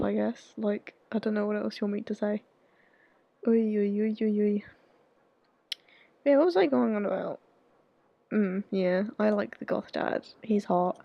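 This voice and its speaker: Young woman streamer, chatty and sweary, gravelly voice, dry close sound. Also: mid-range voice, mellow, no room sound. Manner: chatty, swears freely, jokey asides. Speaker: gaming streamer. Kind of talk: casual game commentary and reading aloud.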